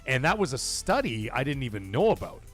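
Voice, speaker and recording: A middle-aged man hosts a livestream in a very animated, brisk, medium-pitched voice with a fairly bright tone over soft background music. He chats casually, reads viewer super chats aloud, and tells stories in a loose, rambling, profane, and emotional way.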